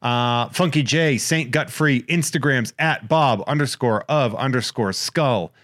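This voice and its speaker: A man hosting a podcast, rambling and joking as he reads out listener shout-outs in casual chat. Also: medium pitch, unhurried, dry recording, studio quality. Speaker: podcast host.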